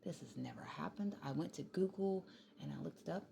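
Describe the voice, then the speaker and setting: A young woman with a low, gravelly voice and a drawl talks into her phone in the small hours. She is worn out and yawning, rambling and cussing casually, often dropping to a hush. A faint household hiss sits under her mellow, dark tone. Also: lively intonation, a little fast. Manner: rambling, tired, swears freely, drifts into whispers. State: tired and yawning. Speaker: vlogger. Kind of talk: late-night casual vlog talk. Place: home kitchen at night.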